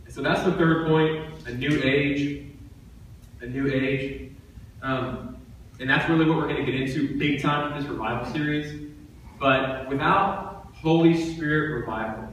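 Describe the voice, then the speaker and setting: A man's voice: medium pitch, far from the mic, a little hiss or hum. A man giving a sermon as pastor, preaching in a conversational way and repeating phrases for emphasis. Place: church sanctuary. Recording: echoey church hall from off-mic.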